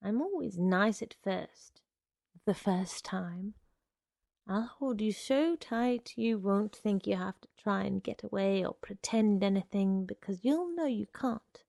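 A woman voicing a sinister young man who coaxes and threatens a girl in a slow, insistent drawl. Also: mid-range voice, gravelly, warm tone, no echo, clean studio sound. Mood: coaxing menace. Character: sinister smooth-talking young man, menacing suitor.

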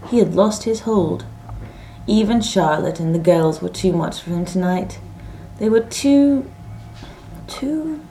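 A woman reading a story aloud in a measured, expressive audiobook narration. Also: mid-range voice, poor audio.

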